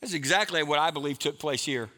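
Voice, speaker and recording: A middle-aged man preaching a sermon, emphatic, moving between loud stretches and hushed ones. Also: on the high side, fast. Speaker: pastor.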